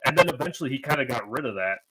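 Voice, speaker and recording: A man's voice: mid-range voice, lively intonation, rapid-fire, over a noisy crowd, rough recording. A man telling a reflective story in casual chat, with plenty of fillers.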